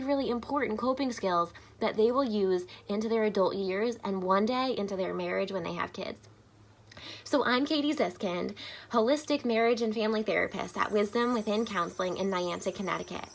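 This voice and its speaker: A woman's voice: mid-range voice, creaky. Upbeat woman therapist. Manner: upbeat, frequent "um" fillers. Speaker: family therapist. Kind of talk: informational talk to camera.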